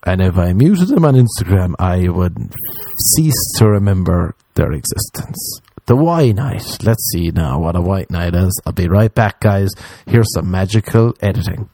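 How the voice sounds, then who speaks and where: A man with a low voice tells a rambling, profane story at a moderate pace, animatedly acting out what he and others said. There is no echo in the recording.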